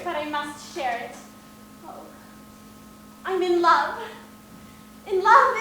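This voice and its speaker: A young actress in her twenties playing a passionate middle sister who confides in a fervent, rushing way, in a live stage play. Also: extremely high pitch, noisy background. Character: middle sister, passionate, confessing forbidden love. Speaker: stage actor. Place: theatre stage. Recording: echoey stage sound from far off.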